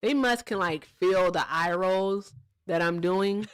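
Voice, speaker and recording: A woman hosting a casual livestream, talking to her chat with lively sarcasm and frequent laughter. Her voice sits in a middle pitch. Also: slow, clear, resonant tone, dry recording. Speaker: livestream host.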